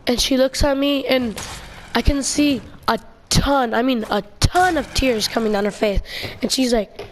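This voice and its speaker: Young woman, high-ish voice, rambling casual storyteller, slight noise. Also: a little slow. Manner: rambling, many fillers and restarts. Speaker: video creator.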